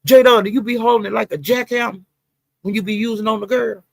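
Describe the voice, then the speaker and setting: A woman hosts a casual livestream, greeting viewers one by one with lively, colloquial exclamations and frequent laughter. Her voice has a gravelly, creaky edge, and the recording is dry and close with no room sound. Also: fairly high pitch, brisk, no echo. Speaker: livestream host.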